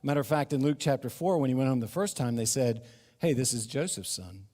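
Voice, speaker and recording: A middle-aged man preaching a sermon in a church, animated and acting out the crowd's questions. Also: mid-range voice, brisk. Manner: animated, acts out crowd voices, laughs between points. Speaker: pastor. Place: church sanctuary. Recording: long reverb of a hall.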